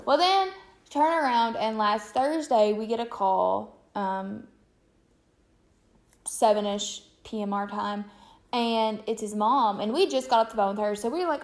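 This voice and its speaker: A woman's voice: mid-range voice, normal speed. A woman vlogger telling a story in a chatty, rambling way with lots of fillers. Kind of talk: casual storytelling to camera.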